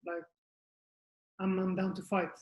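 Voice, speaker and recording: Flat-voiced man in an echoey room. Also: high voice, unhurried. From Israel. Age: 20s. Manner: plainspoken, thinks aloud in short phrases. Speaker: mixed martial arts fighter. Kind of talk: interview answers.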